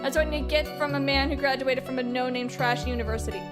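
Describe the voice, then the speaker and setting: A woman's voice: sits high, steady tone, fast talker, music in the background, close to an everyday voice. A woman doing a haughty, pompous young man. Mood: condescending. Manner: haughty, condescending, insulting. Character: arrogant pompous young male witness. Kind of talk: reading game dialogue aloud.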